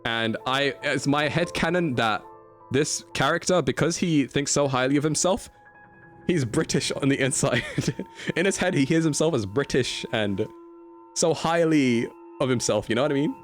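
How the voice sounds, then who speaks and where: A man's voice: medium pitch, normal speed, faint music behind. A man streaming a video game, chatty and playful, laughing often as he talks to his chat. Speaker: livestreamer.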